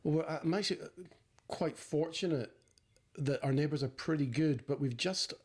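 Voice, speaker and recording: A man's voice: fairly high pitch, normal speed, darkish tone. A man with a Scottish accent co-hosting a podcast, telling rambling stories in a casual, chatty way with plenty of fillers. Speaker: podcast co-host. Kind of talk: casual chat.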